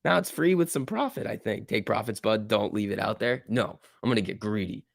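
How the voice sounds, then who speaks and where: A man hosting a live stock trading stream, reacting excitedly to price moves and chatting casually with viewers. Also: lowish voice, a little fast, creaky, few pauses, no echo, clean studio sound. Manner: excitable, exclaiming at price moves, reading chat aloud. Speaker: stock trading livestream host.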